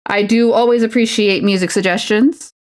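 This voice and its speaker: A woman streamer chats casually with viewers while painting a miniature, rambling and saying "like" constantly as she answers chat messages. Her voice is mid-range and darkish, with fairly even intonation at a moderate pace.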